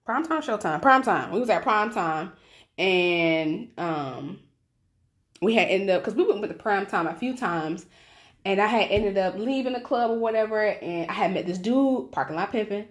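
A woman podcast host telling a story in casual chat, animated and profane, acting out each voice; she says her voice naturally carries. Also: medium pitch, normal speed. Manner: animated, profane, acts out every voice in her stories.

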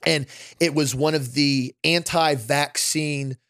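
An animated man in casual talk, his voice sitting a bit high. He tells stories and acts out the people he quotes. The room sounds dry and close. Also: slow, dry recording. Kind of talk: casual conversation.

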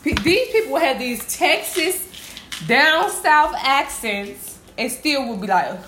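A woman talks in a casual back-and-forth, leaning hard on her words and saying them twice for weight. Her voice sits at an ordinary pitch. The room around her is echoey, with steady noise underneath. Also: takes it slowly. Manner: animated, emphatic, repeats herself. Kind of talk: casual chat about zodiac signs.

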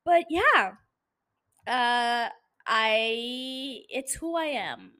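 A woman's voice: fairly high pitch, animated, drawn-out words, pushed and bright. A tipsy woman hosting a podcast in casual chat, speaking English as a second language and ranting profanely with lots of energy. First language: not English. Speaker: podcast host.

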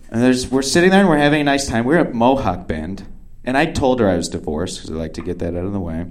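A young man telling a self-deprecating story on stage. His pitch jumps all over the place as he acts out his own thoughts. He stumbles into restarts and fillers, then barrels on. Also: expressive, fast talker, few pauses. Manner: acts out quotes of himself. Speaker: stand-up comedian. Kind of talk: stand-up storytelling.

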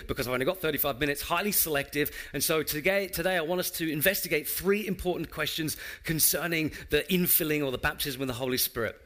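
A man delivering a sermon from the pulpit, his voice bright and ringing and pitched a little high. He speaks earnestly to the congregation, often asking them questions. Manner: earnest, addresses congregation directly, rhetorical questions. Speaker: preaching pastor. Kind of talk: sermon with scripture reading and prayer. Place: church.

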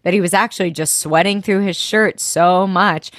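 A woman co-hosting a podcast, recapping a TV episode in casual chat with lively reactions. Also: fairly low pitch, moderate pace, no room sound, studio quality. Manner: lively, reacting with groans and laughs. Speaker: podcast co-host.

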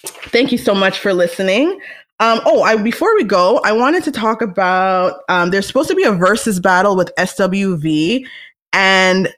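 A young woman hosting a solo podcast, talking casually in a chatty, animated way. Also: medium pitch, normal speed. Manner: chatty, animated, restarts and laughs. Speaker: podcast host.

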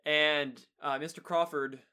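A man's voice: a little high, flat delivery, a little slow, bright, forceful tone, smooth. A young man in a casual chat, recapping a kids' show plot with easy chuckles. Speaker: podcast co-host.

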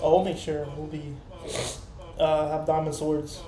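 A man's voice: fairly high pitch, completely flat delivery, measured pace, mellow, roomy sound. A man co-hosting a podcast, chatting casually and telling a rambling, profane story, acting out the people he quotes. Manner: rambling storytelling, swearing, acts out quoted voices. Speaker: podcast co-host. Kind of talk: casual chat.

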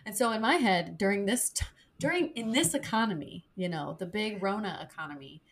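A woman's voice: medium pitch, expressive, brisk, husky. Chatty young woman podcast co-host. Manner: chatty, jokey and rambling, with frequent laughs. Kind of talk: casual chat.

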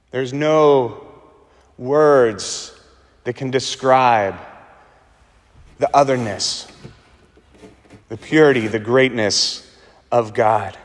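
A man preaching a sermon as pastor, slowing and repeating words for emphasis, with dramatic pauses. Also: medium pitch, in a large hall.

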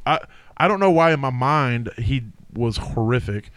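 Hesitant man with a smooth voice. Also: medium pitch, expressive, normal speed, a bit bright, no room sound. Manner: hesitant, frequent restarts and laughs. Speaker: podcast co-host. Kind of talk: casual fantasy sports chat.

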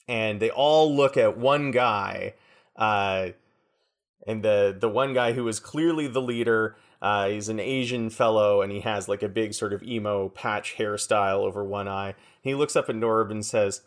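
Male game master, lowish voice, relaxed narration. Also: measured pace. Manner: relaxed, descriptive, with fillers.

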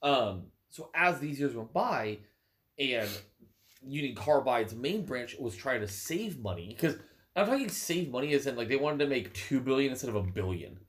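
A young man chats loosely on a podcast, explaining things with a steady stream of "like" and "um." His voice sits in an ordinary middle register. He sounds a little stuffy, as if fighting off a cold. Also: mid-range voice, normal speed. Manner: rambling, filler-heavy explaining. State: stuffy, sneezing. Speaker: podcast co-host. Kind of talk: casual chat.

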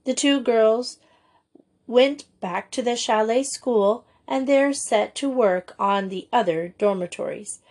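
A woman's voice: a little high, takes it slowly, darkish tone. Woman reading a storybook aloud. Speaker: audiobook reader. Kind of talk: storybook narration.

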